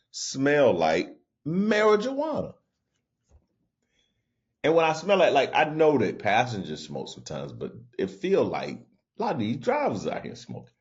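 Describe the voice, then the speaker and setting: Comedian guy rambling through a road story, pitch all over the place, kinda dull lo-fi sound. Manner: animated, jumps into high voices for quoted people, frequent restarts. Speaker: comedian and podcast host. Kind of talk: casual storytelling monologue.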